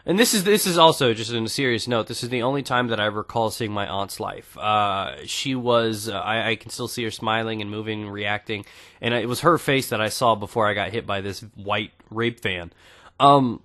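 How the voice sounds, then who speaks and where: A young man, a gaming channel host, telling a personal story in a casual, joking way, with loud bursts of emphasis. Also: fairly low pitch, moderate pace. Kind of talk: casual storytime over gameplay.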